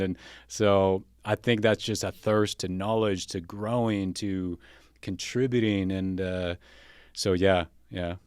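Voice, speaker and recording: A lowish-voiced man from Canada in his forties, talking as a podcast guest. He tells his story with energy and often restarts his sentences and repeats words. The sound is dry and close, with little room around it. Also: steady tone, measured pace, clear, resonant tone, dry recording. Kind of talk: casual interview talk.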